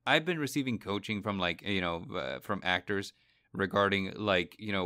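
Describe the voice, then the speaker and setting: Guy cohosting a podcast, rambly, lots of likes and you knows, lowish bright voice. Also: moderate pace, dry recording, studio quality. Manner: rambling with many fillers and restarts, laughs easily. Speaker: podcast co-host. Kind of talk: casual chat.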